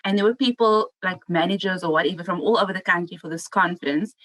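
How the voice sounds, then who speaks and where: A young woman co-hosting a podcast, speaking with a Cape Coloured South African accent. She talks frankly and with exasperation, laughing often. Her voice sits slightly low and sounds dry and close. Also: quick pace, fairly bright tone, no echo, rough recording. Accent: Cape Coloured South African English. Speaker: podcast co-host. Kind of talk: candid podcast chat.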